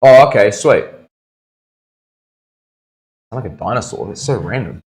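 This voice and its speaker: Laid-back Kiwi tattooist with a lowish voice. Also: male voice, expressive, measured pace, a little mellow. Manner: laid-back banter, swears freely, laughs often. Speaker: tattoo artist streaming live. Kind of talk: casual live-stream chat. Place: tattoo studio.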